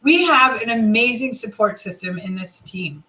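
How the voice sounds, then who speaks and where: Woman chatting live to her team, kinda high voice, rambly with lots of ums, pep talk vibe. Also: lively intonation, moderate pace, pushed and bright, poor audio. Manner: casual, rambling, frequent fillers and restarts. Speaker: team leader. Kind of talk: live motivational team chat.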